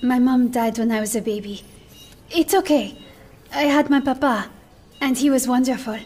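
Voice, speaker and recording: An actress playing a shy, gentle young woman who speaks hesitantly. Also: high voice, a little hiss or hum, natural voice. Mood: somber. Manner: hesitant, halting. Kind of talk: game cinematic acting.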